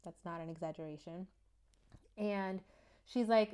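A woman's voice: lowish voice, smooth. A woman in her thirties, a neonatologist and podcast co-host, fondly and chattily reminiscing in an interview. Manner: chatty, quick, fond reminiscing. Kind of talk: casual interview storytelling.

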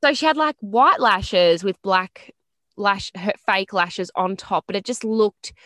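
A woman's voice: medium pitch, a little slow, a bit bright, no echo, studio quality. A young woman co-hosting a podcast, telling stories in casual chat with lots of laughter and swearing. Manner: giggly, self-deprecating, swears freely. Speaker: podcast co-host.

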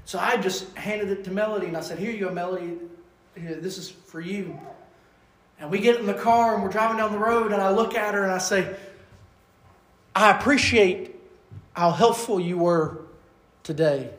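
A man preaching a sermon as an evangelist, fervent, rising to loud bursts and then dropping soft. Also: high-pitched, normal speed. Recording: echoey room.

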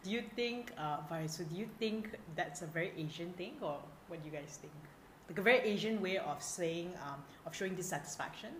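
A woman's voice: fairly low pitch, fairly quick, slight background noise. A woman co-hosting a casual podcast who laughs often and chimes in with short reactions. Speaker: podcast co-host. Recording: roomy echo.

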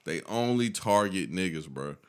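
A man's voice: deep voice, expressive, normal speed, clean tone. A young man, telling a story in emphatic, slangy casual chat. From Augusta area, US South. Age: 20s.

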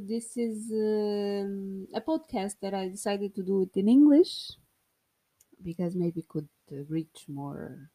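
A woman's voice: mid-range voice, mellow, breathy edge. A woman in her thirties from Portugal with a Portuguese accent, hosting a solo podcast in a playful, rambling, self-mocking way. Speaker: podcast host.

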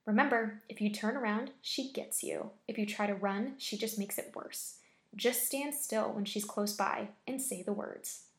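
A woman's voice: medium pitch, unhurried, echoey room, close to an everyday voice. A woman voicing a frightened, earnest teenage girl who gives serious, urgent warnings in a storybook reading.

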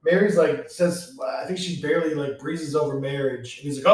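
A man's voice: on the high side, moderate pace, distant mic. A man co-hosting a podcast, casually recapping a TV episode and acting out the characters' lines in a laid-back way. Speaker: podcast co-host. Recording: echoey room, voice off-mic.

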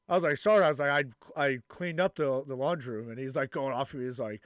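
Young male co-host, brash and profane, fairly high voice, dry close recording. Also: fast talker, few pauses, a bit bright, no echo. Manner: profane, laughing storyteller, acts out quotes. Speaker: podcast co-host. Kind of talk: casual chat.

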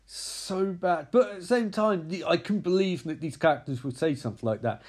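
A man's voice: sits high, lively intonation, moderate pace, a little mellow, breathy edge. A man giving a sarcastic, profane, rambling comedic recap of a movie. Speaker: movie reviewer.

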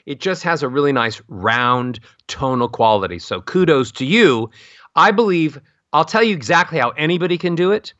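Animated man swooping his pitch around. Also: dry recording, muffled recording. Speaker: vocal coach. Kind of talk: expressive instructional talk with sung-like demonstrations.

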